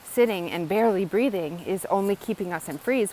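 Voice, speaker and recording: A woman's voice: lowish voice, lively intonation, normal speed, hardly any pauses, a little mellow, slight background noise, low-quality recording. A woman educator explaining in a casual, earnest teaching monologue, often repeating phrases and checking in with "right?". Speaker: wellness educator.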